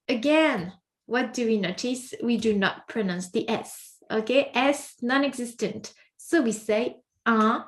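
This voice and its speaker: Woman teacher going through pronunciation really slow, kinda high voice, repeats stuff a lot. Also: expressive, fairly bright tone. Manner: patient, repeats each word slowly, asks the listener questions. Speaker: French teacher. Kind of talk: slow, careful pronunciation lesson.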